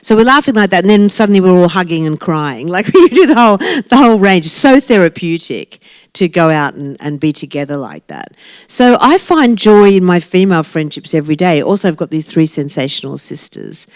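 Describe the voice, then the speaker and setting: A woman's voice: fairly low pitch, animated, brisk, no room sound. A woman in her sixties, an author talking to a live audience in a brash, joking way and laughing often. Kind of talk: lively talk to a live audience. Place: library talk event.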